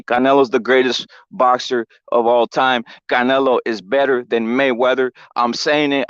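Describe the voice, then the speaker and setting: A man hosting a combat sports show in a casual, profane, animated rant that keeps circling back on itself. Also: medium pitch, no room sound, lo-fi sound. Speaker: show host.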